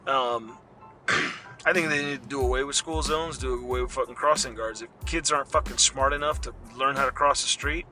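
A man's voice: medium pitch, fairly quick, sharp tone, soft background music. A middle-aged man hosting a podcast, delivering a heated, profanity-laden rant. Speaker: podcast host. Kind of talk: ranting monologue.

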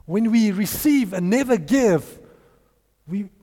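Male preacher, storytelling sermon, higher voice, lively acted-out dialogue, reverberant hall. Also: slow. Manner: animated, acts out dialogue in changing voices.

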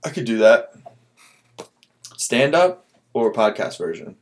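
A man's voice: medium pitch, very animated, takes it slowly. A man in casual podcast banter, laid-back and swearing casually as he trades jokes.

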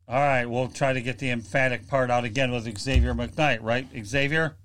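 A man's voice: medium pitch, fairly even intonation, moderate pace, few pauses, loud music behind the voice. A man hosting a sports talk show, chatting loosely and joking with his guests and callers. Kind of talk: casual sports talk radio.

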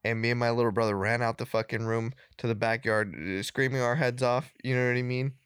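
Profane, animated man telling a story. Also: medium pitch, brisk, clear, resonant tone, dry recording, studio quality. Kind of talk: casual podcast chat.

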